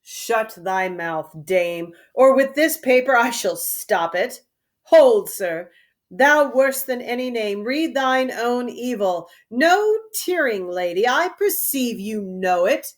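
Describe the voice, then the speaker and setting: A woman reading the part of a stern nobleman, commanding in a slow verse reading. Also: on the high side, lively intonation. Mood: angry. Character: stern nobleman, the queen's husband.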